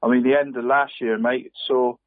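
A man's voice: mid-range voice, little pitch movement, moderate pace, no echo. A man in his fifties chats about local football and throws "mate" into nearly every sentence. His talk rambles and restarts. The sound is dry and tinny, like a phone line. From Cornwall. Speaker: podcast co-host. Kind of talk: casual football chat.

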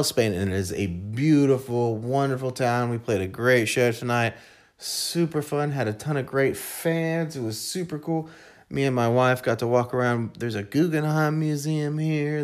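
A man co-hosting a podcast in casual chat, animated and quick to laugh, cursing casually as he tells stories. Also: mid-range voice. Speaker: podcast co-host.

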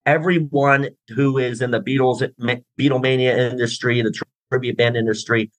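A man's voice: mid-range voice, steady tone, moderate pace, fairly bright tone, dry recording, rough recording. Chatty man with a dry close sound. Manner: chatty, rambling with many restarts and fillers. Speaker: guest, drummer in a tribute band. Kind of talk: casual interview chat.

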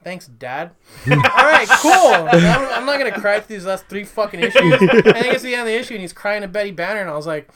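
A man co-hosting a podcast in casual chat, animated and ranting with constant swearing. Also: high voice, fast, over a noisy crowd. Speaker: podcast co-host.

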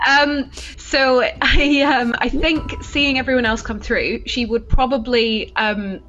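A woman's voice: high voice, fairly even intonation, a bit bright. Hesitant woman player, dull recording. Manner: hesitant, halting. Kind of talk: describing her character's choices.

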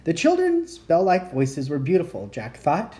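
A woman reading a children's chapter book aloud in a gentle, unhurried storytelling manner. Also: fairly low pitch, huge pitch swings. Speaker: reader.

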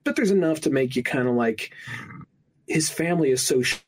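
A man's voice: expressive, brisk, slight background noise. A young man co-hosting a podcast, chatting casually, swearing freely and laughing often. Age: young adult. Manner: swearing, laughing, jumps into high mocking voices when quoting. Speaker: podcast co-host. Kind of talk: casual chat.

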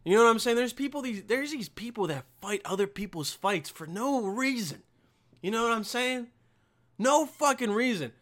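High, lively-voiced man ranting profanely. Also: moderate pace. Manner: profane, rambling, emphatic. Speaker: podcast host. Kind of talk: casual solo rant.

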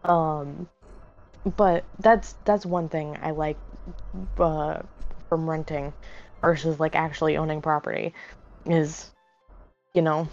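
A woman's voice: sits low, fairly even intonation, takes it slowly, long pauses, a little mellow, lo-fi sound, soft background music. A woman co-hosting a casual podcast, rambling with lots of fillers and restarts. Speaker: podcast co-host.

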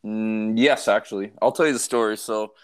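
A man from Canada telling a story in relaxed casual chat, with easygoing fillers. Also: lowish voice, moderate pace, clear, resonant tone.

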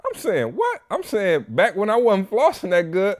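A young man hosting a podcast, chatting casually and telling animated stories, jumping to high-pitched voices when he imitates people. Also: normal speed. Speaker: podcast host. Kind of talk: casual chat.

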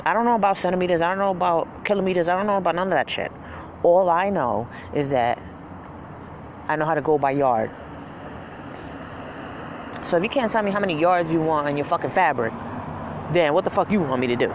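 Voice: medium pitch, brisk, long pauses, noisy background. A vlogger ranting casually about a frustrating workday, swearing freely and mocking customers in put-on voices. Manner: profane, animated storytelling with mocking quoted voices. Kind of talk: casual rant.

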